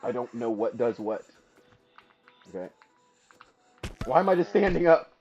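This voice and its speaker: A man streaming a game for the first time, commentating excitedly, laughing and trash-talking his opponent. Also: mid-range voice, measured pace, dull audio, faint music behind. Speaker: gaming streamer. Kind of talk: casual live gameplay commentary.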